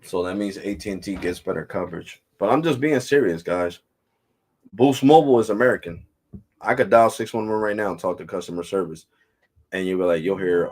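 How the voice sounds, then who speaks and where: A man's voice: low voice, brisk, darkish tone, slight background noise. A man hosting a tech talk stream, ranting casually and emphatically, with loose swearing.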